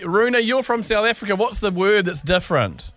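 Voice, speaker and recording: A man with a New Zealand accent hosting a casual radio talkback show, chatty and quick to laugh. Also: high voice, lively intonation, fairly bright tone, soft background music. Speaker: radio host.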